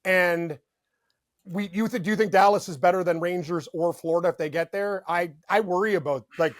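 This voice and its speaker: A young Canadian man co-hosting a sports betting podcast, talking in an excitable, rambling way full of "like" and "dude". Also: high-pitched, brisk, no echo, clean studio sound. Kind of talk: casual sports chat.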